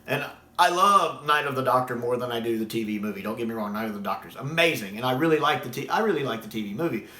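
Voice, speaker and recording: An American man talks excitedly and fast about a sci-fi show in casual conversation, acting out quoted scenes in different voices. His voice is mid-range, and the room sounds echoey.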